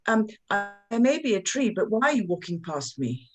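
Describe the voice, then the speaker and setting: A woman's voice: medium pitch, big pitch swings, normal speed, faint music behind, close to an everyday voice. A woman as a sing-song talking oak tree. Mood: chiding. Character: old talking oak tree, gently reproachful.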